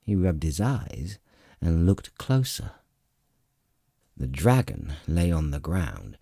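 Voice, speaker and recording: A man narrating a fantasy audiobook in a dramatic, expressive storytelling manner, recorded close to the mic. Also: sits low, breathy edge, no room sound.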